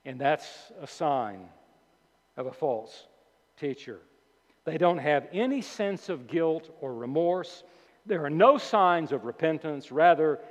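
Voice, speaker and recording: A man preaching a sermon as pastor, emphatic and deliberate, repeating key words slowly for weight. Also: on the high side, a little mellow. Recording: dull lo-fi sound with long hall reverb.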